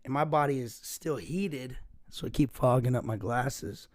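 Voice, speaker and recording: A man with a hoarse, raspy voice hosting a casual solo podcast, rambling and self-mocking and saying "dude" a lot. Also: medium pitch, measured pace, dry recording, studio quality. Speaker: podcast host.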